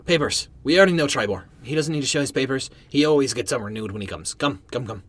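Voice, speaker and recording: A man's voice: mid-range voice, expressive, quick pace, fairly bright tone, no echo. A man doing an offhand city guard. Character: casual male city gate guard.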